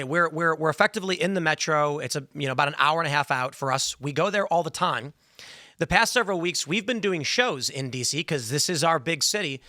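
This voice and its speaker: A man's voice: a little high, sharp tone, no echo, studio quality. A man in his thirties hosting a political podcast, talking earnestly in long, run-on thoughts. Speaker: podcast host. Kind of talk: casual political talk show.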